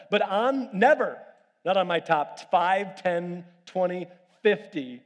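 A man preaching a sermon, telling family stories with lively animation and asking the congregation to raise their hands. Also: sits high, slow pace. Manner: animated storytelling with audience questions. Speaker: pastor. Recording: long reverb of a large hall.

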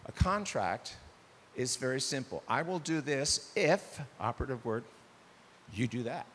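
A man's voice: medium pitch, lively intonation, unhurried, fairly bright tone. An older man preaching a sermon as pastor, animatedly acting out little dialogues in shifting voices. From United States. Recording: long hall reverb with faint hiss.

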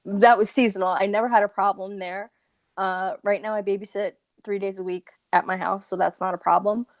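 Here a wheelchair user from Long Island, New York, talks as an interview guest, earnest and chatty with quick laughs throughout the casual conversation. Her pitch is medium, her intonation fairly even, and there's no room sound.

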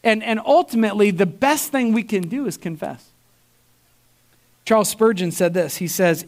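A man preaching a sermon as pastor, telling stories with lively emphasis, repeating words and restarting phrases as he goes. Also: normal speed. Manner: animated storytelling, voice jumps high for emphasis.

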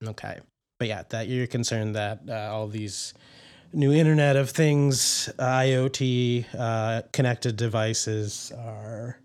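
A man's voice: medium pitch, darkish tone. Male podcast host, casual, wry, hesitant delivery. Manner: hesitant, wry, full of ums and restarts. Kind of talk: casual comedic podcast chat.

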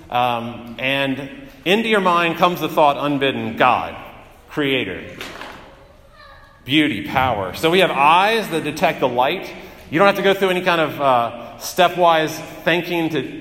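A man's voice: fairly high pitch, a bit bright. A male pastor giving a sermon in an earnest, emphatic way, often repeating phrases. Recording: echoey hall with long reverb.

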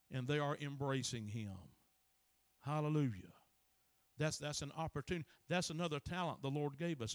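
A man's voice: medium pitch, no echo. A man, preaching a folksy sermon that rises into emphatic bursts. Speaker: pastor.

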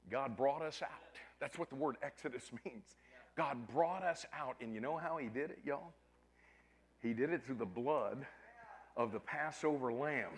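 Male preacher, high pitch, slow deliberate emphatic sermon delivery. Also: a bit bright. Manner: emphatic, calls to the congregation.

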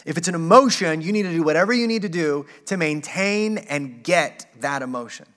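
A man's voice: on the high side, lively intonation, brisk, fairly bright tone. A man in his thirties, a father, giving a conversational sermon and asking "right?" to check the listeners are with him. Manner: conversational preaching with frequent restarts and "right?" tags. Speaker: pastor.

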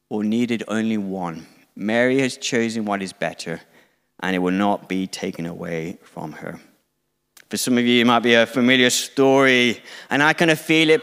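A man's voice: mid-range voice, fairly bright tone, clear, resonant tone, long reverb tail. A middle-aged man preaching a conversational, self-deprecating sermon to a church congregation, now and then acting out quoted dialogue.

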